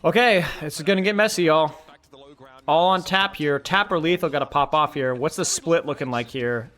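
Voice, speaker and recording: A young man hosting a live co-stream, trading animated jokes with his chat between reads of the match. His voice is bright and slightly high for a man. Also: moderate pace. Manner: animated, joking, talks straight to chat. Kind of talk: casual live-stream commentary and chat banter.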